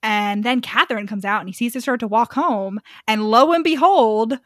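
A woman co-hosting a casual book podcast, animated and laughing often as she recaps and comments with free swearing. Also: on the high side, normal speed, dry recording, studio quality. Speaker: podcast co-host.

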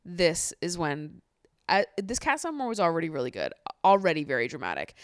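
A woman's voice: deep voice, very animated, clear, resonant tone, no echo, studio quality. Blunt, exasperated young woman vlogger. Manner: blunt, exasperated, swears freely, fast bursts. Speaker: vlogger recapping a reality show. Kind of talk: casual chat.

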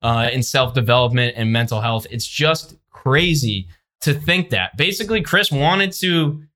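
A man's voice: mid-range voice, animated, a little slow, pushed and bright. A man who produces podcasts, giving a brash, sarcastic review monologue to the camera. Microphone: facing a camera with a laptop in front.

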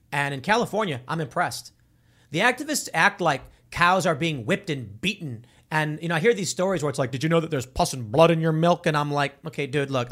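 Man, talkative, joking, animated intonation, mid-high pitch, casual rant. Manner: animated, joking, acts out quoted voices. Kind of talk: casual opinion monologue.

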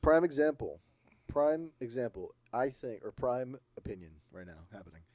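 A man co-hosting a casual podcast, telling scary stories in an animated way and acting out sounds and voices. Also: medium pitch, normal speed, dry recording. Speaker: podcast co-host. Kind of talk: casual chat.

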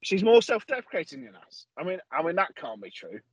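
Joking Welsh man with a lively voice. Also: on the high side, brisk, dry recording, highs cut off. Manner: jokey, puts on a husky voice. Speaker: podcast co-host. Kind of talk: casual comedy chat.

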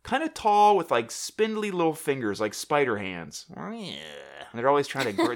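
Young man, casual chat, rambling, jokey, stop-start delivery, mid-pitched voice. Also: sing-song, normal speed. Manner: rambling and jokey, many fillers and restarts. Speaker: podcast co-host.

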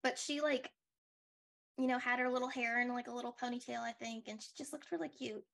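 A woman's voice: fairly high pitch, fairly even intonation, a little fast, creaky, a bit bright. A young woman co-hosting a podcast, chatting casually and rambling with lots of likes and restarts. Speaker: podcast co-host. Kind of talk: casual recap chat.

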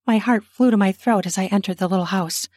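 A woman narrating an erotic story in the first person, soft and breathy, sometimes dropping to a whisper. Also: mid-range voice, a little fast, dry recording, studio quality.

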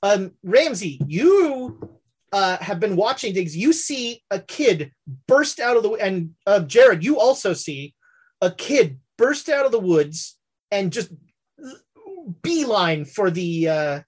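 A woman narrating a tabletop western role-play as game master, halting and full of fillers. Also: mid-range voice, big pitch swings, darkish tone, breathy edge.

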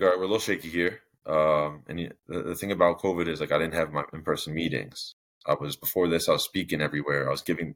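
Man, very deep low voice, casual rambling storytelling, podcast guest. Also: fairly bright tone. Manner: casual, rambling, with many fillers and restarts. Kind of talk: candid personal storytelling.

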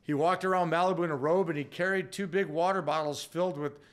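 A man, a former hockey player, telling an anecdote in a halting way with many fillers. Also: on the high side, steady tone. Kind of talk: casual anecdote.

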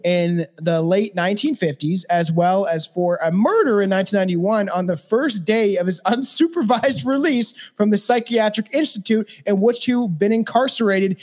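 A man's voice: sits high, normal speed, hardly any pauses. A man from Canada co-hosting a podcast, laughing often and talking in a loose, profane way. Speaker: podcast co-host. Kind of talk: casual chat.

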